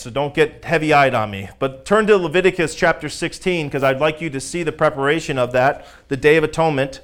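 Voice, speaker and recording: A man's voice: fairly high pitch, fairly bright tone. A male pastor preaching a teaching sermon, reading scripture aloud and talking conversationally and emphatically to his congregation.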